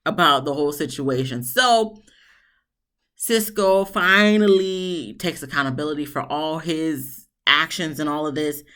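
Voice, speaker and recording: A woman casually recapping a TV episode, chatty and animated, with sarcastic asides. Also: unhurried. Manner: chatty, animated, mock-quotes people with big pitch swings. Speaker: TV show reviewer.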